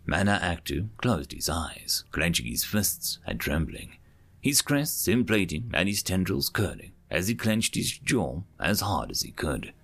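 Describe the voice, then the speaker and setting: A man hosting a channel and narrating a serialized sci-fi story with an expressive reading. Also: sits low, measured pace, breathy edge. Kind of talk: audiobook narration of online sci-fi fiction.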